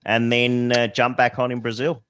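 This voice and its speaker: A man's voice: medium pitch, little pitch movement, normal speed, a bit bright, clear, resonant tone. A man co-hosting a sailing podcast, laid-back with a wry sense of humour in casual chat. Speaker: podcast co-host.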